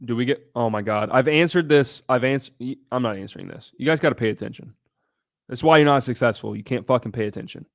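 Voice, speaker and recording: A man hosting a casual livestream Q&A, talking bluntly with frequent swearing and bursts of excitement. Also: mid-range voice, fast. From United States (Ohio). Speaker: livestream host.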